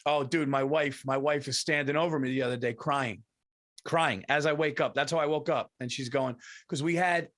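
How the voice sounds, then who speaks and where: A man's voice: a little high, moderate pace, fairly bright tone. A man telling a rambling, profane story as a podcast co-host in casual chat.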